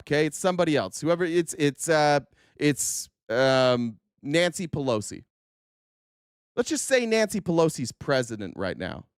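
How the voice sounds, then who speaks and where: A man's voice: medium pitch, dry recording, clean studio sound. A male host giving a heated political commentary rant, firing profane rhetorical questions at his audience.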